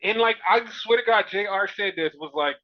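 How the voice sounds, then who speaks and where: A man co-hosting a casual wrestling review chat, telling events in an animated, profane, exasperated way. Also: sits high, fairly quick. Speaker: podcast co-host. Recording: dull lo-fi recording.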